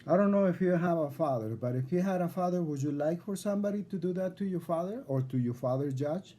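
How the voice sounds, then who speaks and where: A man's voice: fairly high pitch, fast, mellow. A man recording a video in which he speaks straight to a judge, in an indignant, lecturing way and often repeating himself. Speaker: self-represented litigant addressing a judge.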